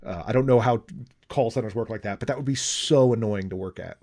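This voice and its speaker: A podcast co-host with a lowish, slightly mellow voice talks a little fast as he rambles through a casual movie review. His chat is full of fillers, restarts and swearing asides.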